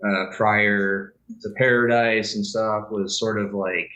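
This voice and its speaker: A man's voice: on the low side, flat delivery, takes it slowly, bright, forceful tone, roomy sound, muffled recording. A man chatting as a podcast guest, rambling and hesitant with lots of fillers. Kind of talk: casual podcast chat.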